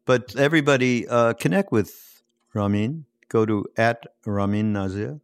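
A man's voice: on the low side, a little slow, clean tone, no room sound, clean studio sound. A man hosting a podcast in casual interview chat, laid-back and playful, laughing often. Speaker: podcast host.

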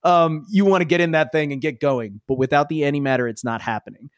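A man's voice: a little high, fast talker, dry recording, studio quality. A man narrating as game master of a tabletop role-playing game, chatty, laughing, and full of fillers.

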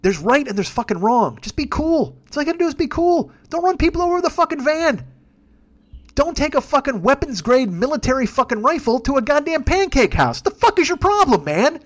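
Fast-talking, high-voiced man in his fifties, ranting. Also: animated. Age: 50s. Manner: profane, heated and blunt. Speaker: podcast host. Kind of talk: solo podcast rant.

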